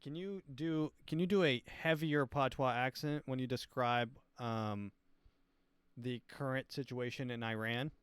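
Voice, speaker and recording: Rambling podcast host man, smooth dry voice. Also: mid-range voice, unhurried, no echo. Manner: rambling, filler-heavy, deadpan asides. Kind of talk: casual comedic commentary.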